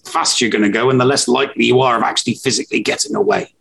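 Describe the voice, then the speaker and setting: Gravelly English man, dry and blunt. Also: medium pitch, fairly even intonation, rapid-fire, a bit bright. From England. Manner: dry, blunt opinions with many fillers. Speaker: podcast co-host. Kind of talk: casual chat.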